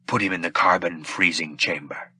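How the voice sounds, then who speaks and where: A man voicing a cold, commanding male dark lord, speaking curtly in an audiobook reading. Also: sits low, fairly even intonation, moderate pace, husky, full character voice. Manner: curt, cold.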